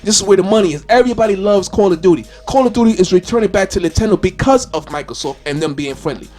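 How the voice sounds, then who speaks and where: A man hosting a gaming channel, ranting with loud, exasperated questions and frequent cursing. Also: high-pitched, lively intonation, fast, faint music behind. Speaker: gaming YouTuber. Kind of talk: animated rant video.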